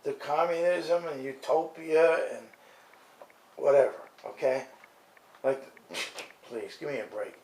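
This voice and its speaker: A man's voice: a little high, expressive, slow pace, pauses often, darkish tone, echoey room. A man delivering an indignant, incredulous rant, stumbling over restarts and checking in with "okay?" as he goes. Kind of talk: ranting monologue.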